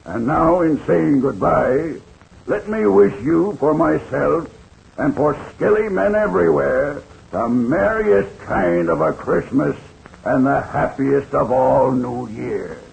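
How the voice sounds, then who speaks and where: A man's voice: a little high, lively intonation, gravelly, a little mellow, highs cut off. A man reading a sponsor's letter in a solemn, formal 1930s radio address. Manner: solemn, formal, measured delivery.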